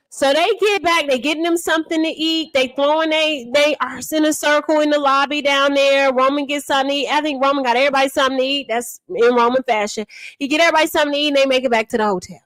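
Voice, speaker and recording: A woman, a mother, chatting casually as she recaps online drama in an animated, repetitive, slangy way. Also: high voice, fast talker, no echo. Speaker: livestream drama commentator.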